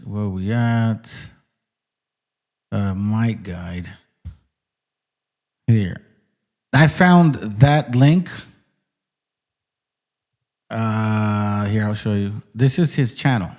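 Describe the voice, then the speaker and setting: A man's voice: lowish voice, very slow, pauses often, darkish tone. A man hosting his channel, reacting to clips in casual, blunt, profane commentary. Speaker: channel host.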